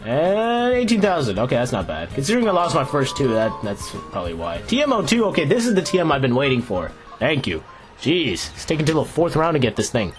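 A man casually commenting on his own video game play, chatty and excitable, laughing often. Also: on the high side, a little fast. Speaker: Let's Play host. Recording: game music playing underneath. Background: video game music.

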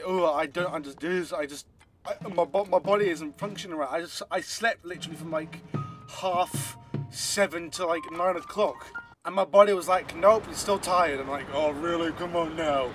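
High-voiced guy rambling through a game, chatty and excitable, faint music under it. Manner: rambling, excitable self-talk. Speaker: gaming channel host. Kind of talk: let's play commentary.

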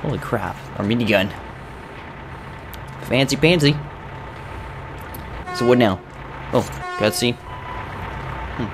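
A young man giving casual commentary on a game playthrough, excitable and swearing at scares. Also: medium pitch, slow pace, long pauses. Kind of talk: casual let's play commentary. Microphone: desk mic with facecam. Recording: gameplay noise under voice.

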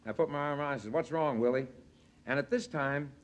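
Casting note: man, slightly high-pitched voice, gruff animated raconteur on a vintage TV talk set. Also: racing. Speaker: talk show guest. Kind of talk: anecdote-telling chat. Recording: 1963 studio show, audience behind.

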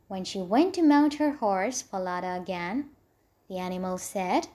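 A woman narrating a fairy tale in a measured storybook reading. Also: medium pitch, animated, dark tone.

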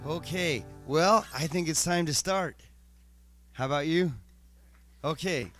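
A man casually opening a seminar, relaxed and wry. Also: a little high, takes it slowly, faint music behind. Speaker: seminar organizer.

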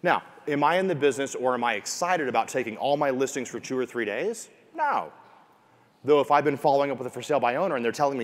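A man's voice: medium pitch, lively intonation, fast talker. A man coaching real estate agents in a seminar, repeating key points and acting out clients' lines. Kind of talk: motivational seminar talk. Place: room with an audience. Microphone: wearing a mic.

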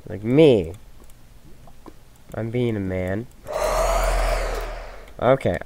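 A man giving casual commentary over his own game, jumping from loud excited shouts to low mumbled asides. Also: unhurried, pauses often. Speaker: gaming video host. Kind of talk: casual let's-play commentary. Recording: noisy home gaming recording.

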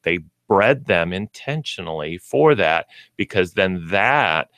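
A man co-hosting a casual pet radio show, reading aloud haltingly and stumbling over hard words. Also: low voice, animated, fairly bright tone, dry recording, clean studio sound. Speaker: co-host, pet store representative.

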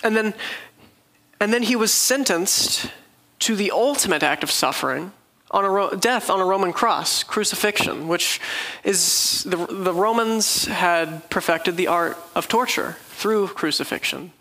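A man's voice: high-pitched, a little slow, sharp tone, rough recording. A man preaching a sermon, telling the story earnestly and vividly.

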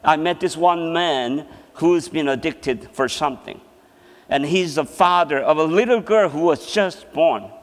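Speaking a little high and without hurry, a man tells a personal story during a sermon he gives as a seminar presenter. He laughs often, and the church hall adds a long reverberation.

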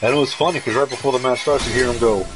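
A man streaming a horror game, talking casually and excitedly with lots of swearing as he hypes up another player. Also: medium pitch, very fast, rough recording. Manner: excitable, profane, hyping a fellow player. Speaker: gaming streamer. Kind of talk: casual gameplay commentary. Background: game music.

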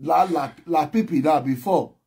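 Raspy nigerian pidgin man, co-host, halting casual chat, keeps cutting in, slightly high voice. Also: mellow. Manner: halting, repeats words, keeps interrupting.

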